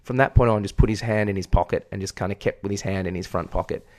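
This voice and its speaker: A man's voice: on the low side, quick pace, a little mellow. An Australian man, a podcast co-host and part-time teacher, telling a rambling, self-mocking story in casual chat and swearing freely.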